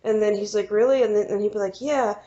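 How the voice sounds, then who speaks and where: A woman's voice: medium pitch, monotone, fast, warm tone. A woman co-hosting a podcast in casual chat, rambling and acting out film scenes with lots of "you know". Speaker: podcast co-host. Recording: dull lo-fi podcast sound.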